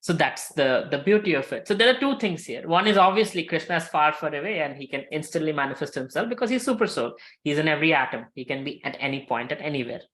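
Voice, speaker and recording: A man teaching a scripture lesson, telling a story with lively acted quotes and many fillers. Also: on the high side, fast, hardly any pauses. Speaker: spiritual teacher.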